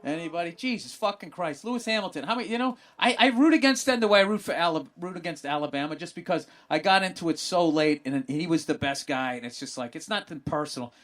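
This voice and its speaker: A man hosting a podcast, swearing constantly and bursting into excited yelling during a comedic rant about sports. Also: a little high, fast, hardly any pauses. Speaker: podcast host.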